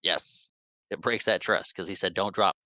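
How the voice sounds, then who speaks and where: A man co-hosting a podcast, chatting about a film with stammering restarts and quick agreement. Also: deep voice, sharp tone, no echo. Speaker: podcast co-host. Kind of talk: casual movie review chat.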